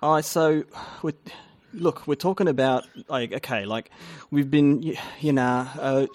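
A man's voice: mid-range voice, a little slow, darkish tone, lightly acted. A man playing a crude, rambling podcast host with a put-on Australian accent, swearing and saying "mate" a lot. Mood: blustering.

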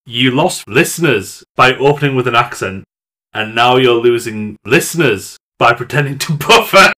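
A man joining a casual podcast, teasing the host with animated banter. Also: mid-range voice, normal speed.

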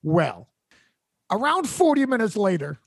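A man's voice: high voice, sing-song, a little slow, gravelly, slightly rough, dry recording. A man hosting a podcast, telling a funny, exasperated story full of sarcasm and laughter. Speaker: podcast host. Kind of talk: comedic storytelling rant.

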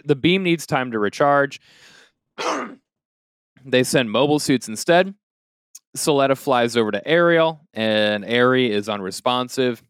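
A man's voice: medium pitch, clear, resonant tone, dry recording, clean studio sound. A young man co-hosting a podcast, casually recapping an anime episode with jokes and fillers. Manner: joking, rambling recap with fillers. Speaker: podcast co-host.

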